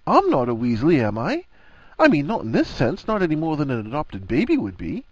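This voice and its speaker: An eager young wizard who tumbles over his words, raised well above the reader's normal voice and leaping up and down in pitch, as a man puts him on. The storybook read is dry and a little dull. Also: sing-song, brisk, darkish tone, breathy edge, dry recording, heavily acted. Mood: flustered. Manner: stammering, eager.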